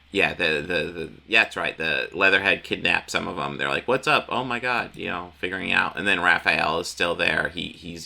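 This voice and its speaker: A man's voice: low voice, gravelly, pushed and bright. A man casually recapping a comic book issue, rambling with frequent restarts and the odd swear word.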